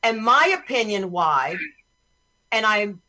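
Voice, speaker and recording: A woman's voice: mid-range voice, lively intonation, takes it slowly, bright, forceful tone, a little hiss or hum, low-quality recording. A woman hosting a podcast over a video call, talking in a blunt, profane, ranting way. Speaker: podcast host. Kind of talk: casual chat on a video call.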